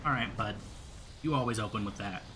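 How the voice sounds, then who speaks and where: A young gameplay streamer rambles through casual commentary, swearing freely and talking back to the enemies he fights. He speaks fairly quickly in a fairly low voice over a noisy background.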